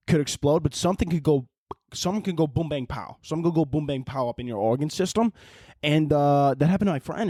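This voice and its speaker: A young man hosting a podcast, ranting profanely and swinging between yelling and mumbling. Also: on the high side, dry recording, studio quality. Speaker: podcast host. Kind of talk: casual comedic rant.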